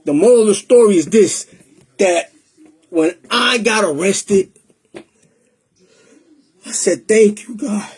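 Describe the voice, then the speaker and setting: A man recounts his own testimony in a high, husky voice. He talks in a streetwise, emotional way and slips Spanish phrases into his English. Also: lively intonation, slow pace, pauses often, a little mellow. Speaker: testimony speaker. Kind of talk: personal testimony storytelling.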